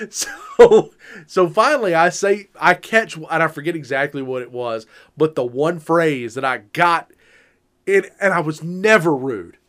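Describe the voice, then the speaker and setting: Animated high-voiced man telling stories. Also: measured pace. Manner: animated, laughs often, acts out quotes loudly. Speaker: podcast co-host. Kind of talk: casual storytelling chat.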